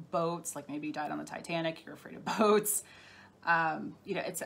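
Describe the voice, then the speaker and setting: A woman's voice: lowish voice, slight background noise. A middle-aged woman talking casually on a live stream as a spiritual healer, chatty and laughing often as she answers viewer comments. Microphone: phone or webcam.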